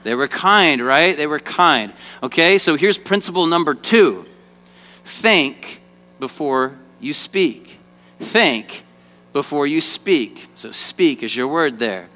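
A man's voice: on the high side, animated, slow, pushed and bright. A man leading an interactive Bible lesson for children, directing volunteers on stage and prompting the audience to call out responses. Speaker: children's ministry teacher. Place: church stage before a kids' audience. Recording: echoey hall reverb.

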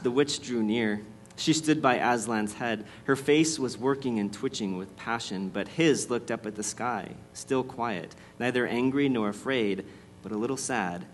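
A man reading a storybook aloud in a measured, expressive way, then speaking to his listeners as the host. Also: mid-range voice, a little hiss or hum.

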